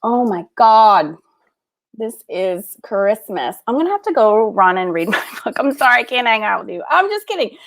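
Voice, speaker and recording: A woman's voice: on the high side, big pitch swings, moderate pace. A woman hosting a casual livestream, unboxing art books and gushing with gasps and laughs. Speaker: art school host.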